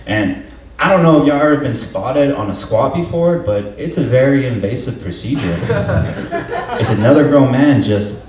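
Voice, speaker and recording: A man's voice: mid-range voice, animated, moderate pace, a little mellow. Young man telling stand-up stories in a roomy hall. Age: young adult. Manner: laid-back storytelling, laughs at own jokes. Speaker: stand-up comedian. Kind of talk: stand-up comedy set. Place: live comedy venue with audience laughter. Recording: roomy hall sound, mic at a distance, faint noise.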